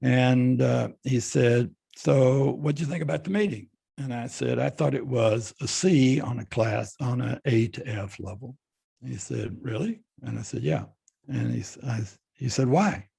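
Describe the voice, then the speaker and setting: A man's voice: medium pitch, gravelly, warm tone, husky. An older man from Texas, a guest speaker telling a story bluntly and acting out both sides of the dialogue. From Fort Worth, Texas. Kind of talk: storytelling interview.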